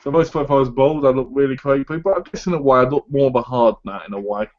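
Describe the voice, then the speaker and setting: A man's voice: mid-range voice, fast talker. Rambling jokey man. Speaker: co-host. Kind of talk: casual chat. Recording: slightly dull lo-fi sound.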